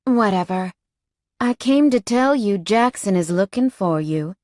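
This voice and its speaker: A woman voicing a brash, jealous young biker woman with a sharp, sneering manner. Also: medium pitch, animated, unhurried, no room sound, clean studio sound, natural voice.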